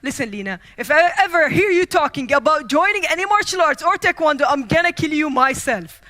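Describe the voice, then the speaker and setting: A woman's voice: sits high, expressive, fairly quick, bright, forceful tone, pitched above the performer's own voice. A woman quoting her stern father, who threatens her in anger. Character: stern angry father, middle-aged man.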